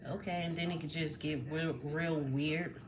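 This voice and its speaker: A woman talking casually to camera as a personal development coach, chatty and expressive, with many fillers. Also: low-pitched, moderate pace, a crowd in the background. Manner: chatty and expressive, with fillers, acts out quoted remarks.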